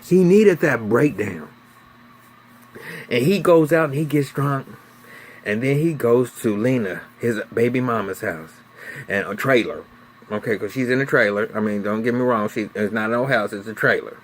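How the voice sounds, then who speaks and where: A man's voice: mid-range voice, moderate pace, slight background noise. A man talks through a TV episode recap in a loose, casual way. He swears freely and tells the story with energy, slipping into the characters' lines as he goes. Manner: animated, profane storytelling with voiced quotes. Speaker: TV recap reviewer.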